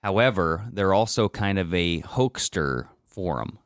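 A man's voice: low voice, lively intonation, measured pace, dry recording, studio quality. A man telling a long, rambling story in casual podcast chat, with lots of fillers and restarts.

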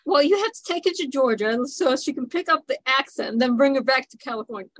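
A middle-aged woman hosts a relaxed interview in a friendly, chatty way. Her voice sits a bit high. The recording is close and dry, with no room sound. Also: quick pace, dry recording, low-quality recording. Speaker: podcast host. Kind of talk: casual interview chat.

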